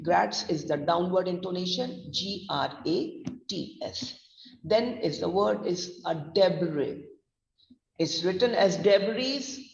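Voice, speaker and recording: Teaching pronunciation online, this woman spells out words one letter at a time and talks through word stress in an Indian English accent. Her medium-pitched voice is gravelly, and the recording comes across as dull, roomy, and far off.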